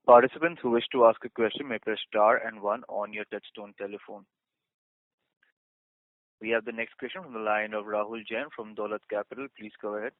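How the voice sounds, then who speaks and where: A man's voice: fairly low pitch, no room sound. A male moderator of an earnings conference call, formally announcing the next questioner. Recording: tinny phone line.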